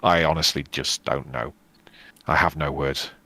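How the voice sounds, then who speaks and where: A man playing in a tabletop game, chatting casually and quick to laugh. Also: a bass voice, steady tone, bright, forceful tone. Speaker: player.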